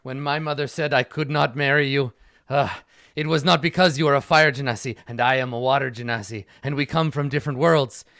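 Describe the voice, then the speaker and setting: A man's voice: lowish voice, steady tone, moderate pace, hardly any pauses, pushed and bright, dry recording, clean studio sound, pitched below the performer's own voice. A man playing an indignant water-genasi priest. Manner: formal, reproachful speech.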